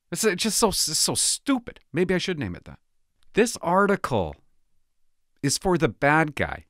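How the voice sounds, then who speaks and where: A man's voice: on the high side, huge pitch swings, a little slow, a bit bright, dry recording, studio quality. A middle-aged man, a former police officer, giving an indignant, sarcastic commentary on a news story. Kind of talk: opinionated commentary vlog.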